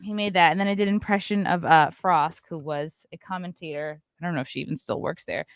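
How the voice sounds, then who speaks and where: A woman hosting a podcast, chatting casually and reading a sponsor spot in an animated, quick-aside way. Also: on the low side, dry recording, studio quality. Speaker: podcast host. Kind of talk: casual chat and sponsor read.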